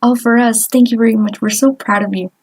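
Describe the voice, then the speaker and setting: A woman's voice: a little high, steady tone, fairly quick, a little mellow, breathy edge, no echo. A woman doing proud, doting parents. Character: proud doting parents praising their son.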